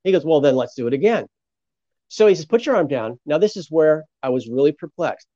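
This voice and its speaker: A pastor appears as an interview guest, telling a testimony story in a highish, mellow voice that's animated and a bit fast. He acts out the voices of people he quotes; there's no echo, but the recording sounds muffled and lo-fi.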